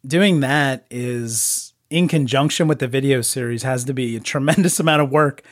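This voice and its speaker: A man hosting a casual podcast interview, chatty and quick to laugh. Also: mid-range voice. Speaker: podcast host.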